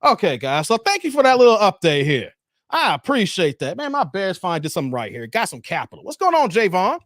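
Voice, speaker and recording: A man, hosting a casual livestream and chatting hyped with viewers, laughing and shouting them out. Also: high voice, wildly swooping pitch, fast, dry recording, clean studio sound. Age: 40s. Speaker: livestream host. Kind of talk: casual livestream chat reading viewer comments.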